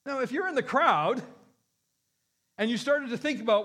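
A man's voice: extremely high pitch, lively intonation, moderate pace, sharp tone. A man preaching a sermon, emphatic and full of rhetorical questions. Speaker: pastor.

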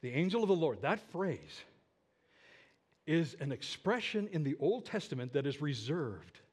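A middle-aged man delivers a sermon in a fairly high voice. He moves between quiet, drawn-out phrases and loud, emphatic ones, and often turns to his listeners with questions. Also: breathy edge. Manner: animated, swings from hushed to emphatic, asks the audience questions. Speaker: pastor.

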